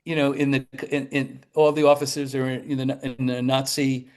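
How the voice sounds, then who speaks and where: A man in his seventies, a talk show guest telling lively anecdotes, acting out the people in his stories as he goes, with some quick bursts and restarts. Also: mid-range voice. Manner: animated storyteller who acts out the people in his tales. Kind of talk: anecdotal storytelling.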